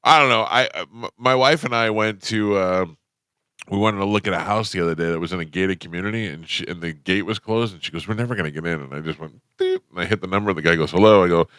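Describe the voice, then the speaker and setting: A man hosting a morning radio show, telling stories in casual banter and jumping high in pitch when he quotes people. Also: fast, clean tone, dry recording, studio quality. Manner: animated storyteller, jumps up high when quoting people. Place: radio studio. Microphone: studio microphone.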